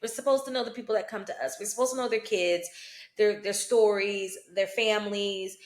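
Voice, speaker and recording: A woman's voice: medium pitch, steady tone, fairly quick, echoey room. A woman who practices root work, giving a casual spoken commentary on a film, checking in often with "you know" and "right?". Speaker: hoodoo root worker and vlogger.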